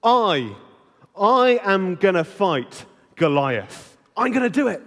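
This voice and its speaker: A man's voice: high-pitched, sing-song, takes it slowly, fairly bright tone, big-room sound, heavily acted. A man doing an eager brave young boy. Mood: determined.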